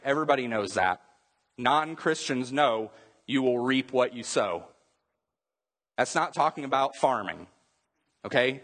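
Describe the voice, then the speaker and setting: A man's voice: medium pitch, fairly bright tone, big-room sound. A man preaching a sermon as pastor, emphatic and repetitive, often restarting his phrases.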